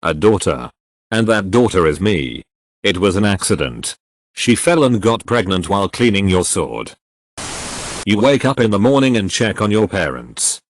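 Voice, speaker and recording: A man reading funny text-adventure stories aloud with deadpan punchline delivery. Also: on the low side, normal speed, dry recording. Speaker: narrator.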